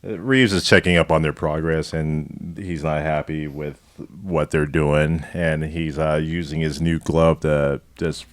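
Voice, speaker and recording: Deep-voiced man recapping a scene. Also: flat delivery, unhurried, no room sound. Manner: laughs through his recaps. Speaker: podcast co-host. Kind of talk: casual movie-recap chat.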